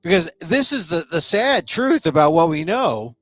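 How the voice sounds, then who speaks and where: Animated, rambling male talk host. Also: on the high side, moderate pace, no room sound, soft background music. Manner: animated, rambling, joking asides. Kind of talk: casual live-stream monologue.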